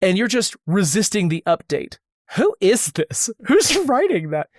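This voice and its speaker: Animated playful podcast co-host. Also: medium pitch, no echo, clean studio sound. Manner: animated, playful, quick reactions. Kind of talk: casual podcast chat.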